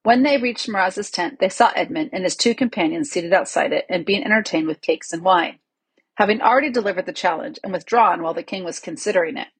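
Husky woman reading a storybook. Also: fairly low pitch, fairly quick, dry recording, rough recording. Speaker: audiobook narrator.

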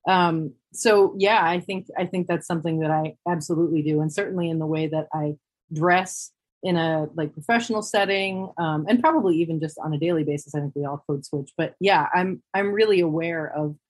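A woman on a podcast panel, talking things through in a thoughtful, candid way, often pausing and restarting her sentences. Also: sits low, rough recording. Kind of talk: reflective panel discussion.

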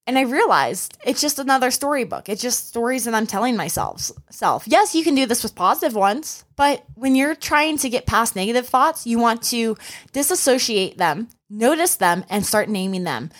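A woman's voice: on the high side, normal speed. Upbeat woman coaching runners. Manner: earnest, encouraging, animated storytelling. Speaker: running coach and podcast host. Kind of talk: casual solo podcast talk.

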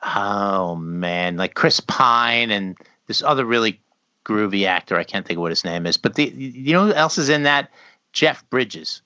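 A man's voice: on the low side, animated, unhurried, sharp tone, smooth, no echo. A man co-hosting a casual chat, swearing freely and rambling through his thoughts, often stopping to restart. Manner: profane, rambling, trails off and restarts. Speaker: podcast co-host. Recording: slightly dull lo-fi sound.

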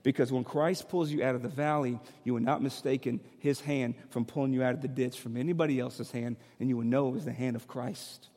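A male pastor delivering a sermon, moving between loud, urgent preaching and relaxed, joking storytelling. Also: mid-range voice, brisk, few pauses. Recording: long hall reverb.

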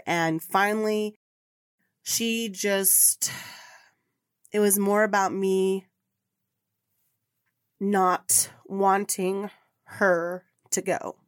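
A woman's voice: mid-range voice, no room sound, clean studio sound. A middle-aged woman hosting a podcast, telling a personal story in an earnest, rambling, emotional way. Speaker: podcast host.

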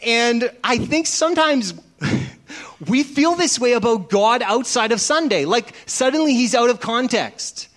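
A man's voice: extremely high pitch, animated, a little slow, a bit bright. A man who is a pastor, giving a conversational sermon and telling stories that act out dialogue. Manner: chatty storytelling, acts out dialogue.

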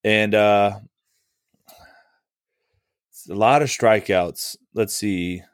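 A man's voice: fairly low pitch, very slow, smooth, no echo, clean studio sound. A man co-hosting a baseball podcast, talking loosely with lots of fillers and swearing. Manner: loose and profane, many fillers. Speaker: podcast co-host. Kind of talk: casual sports podcast chat.

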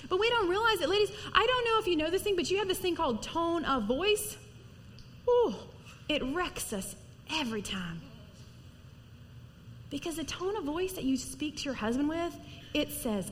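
Animated woman preaching in a reverberant hall. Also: high-pitched, slight background noise. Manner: lively, animated storytelling with acted-out quotes. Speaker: women's ministry speaker. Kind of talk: conversational sermon to women.

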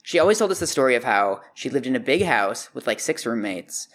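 A man's voice: mid-range voice, fairly quick. Man telling a story on a podcast. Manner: animated anecdote-telling, acting out quoted voices. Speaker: podcast co-host. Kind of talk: casual storytelling.

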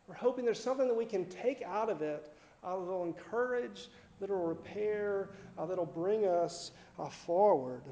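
A man preaching a casual sermon in a relaxed way, with fillers, restarts and light laughs. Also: sits high, measured pace, roomy sound, highs cut off. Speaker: pastor.

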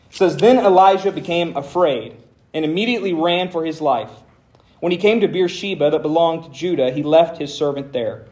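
A man's voice: fairly high pitch, a little mellow. A man preaching a conversational sermon as pastor, with dry humor and dramatic emphasis when reading scripture.

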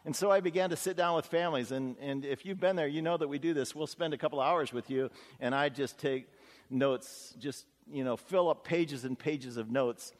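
A man's voice: fairly high pitch, normal speed. A middle-aged man preaching as pastor, telling stories in a folksy, earnest, chatty way full of 'uh' and 'you know'. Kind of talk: conversational storytelling sermon. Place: church sanctuary. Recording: long hall reverb in a church.

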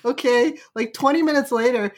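A woman's voice: high voice, moderate pace. A woman telling a personal story in casual chat, peppering her lines with "right?" and "like", and laughing as she goes. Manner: chatty, tags lines with "right?" and "like". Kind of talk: casual anecdote.

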